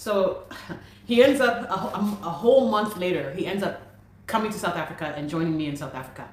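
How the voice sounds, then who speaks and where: Young woman with a lowish voice telling her story, lots of repeats and likes, super echoey room. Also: animated, fairly quick, a little mellow, a little hiss or hum. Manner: emphatic, repeats phrases, frequent likes. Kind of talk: animated personal storytelling.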